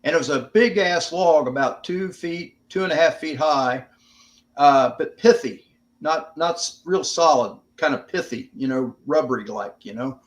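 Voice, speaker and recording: An older American veteran appears as a guest on an interview podcast, telling stories plainly and casually with some swearing. His voice is a little high and his pace moderate.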